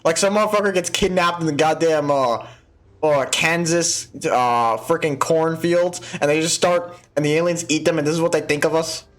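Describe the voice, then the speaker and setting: A man with a slightly high voice hosts a gaming video at a moderate pace, giving let's play commentary as he talks through a game. He is profane and joking and laughs often.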